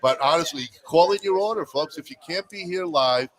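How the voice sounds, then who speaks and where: A man's voice: a little high, brisk. A man co-hosting a live cigar show, joking around and urging viewers to call in orders. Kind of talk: casual chat.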